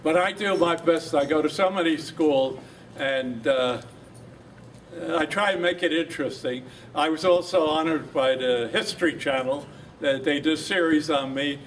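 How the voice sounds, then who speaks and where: An older veteran from New Jersey recounts his war story at a reunion, acting out the voices of the people he quotes. His voice is on the high side at a moderate pace. A distant mic catches him along with background noise.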